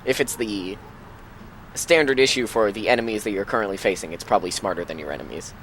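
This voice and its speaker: A man joking sarcastically while watching a friend play a shooter game, often trailing off into a low mutter. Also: fast talker, a bit bright, slight background noise. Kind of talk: casual let's play commentary.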